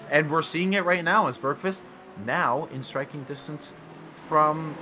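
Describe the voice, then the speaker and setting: A man commentating a sim racing league event, excitable and often correcting himself mid-sentence. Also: a little high, slight background noise. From United States. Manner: excitable, self-correcting, laughs along. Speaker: race commentator.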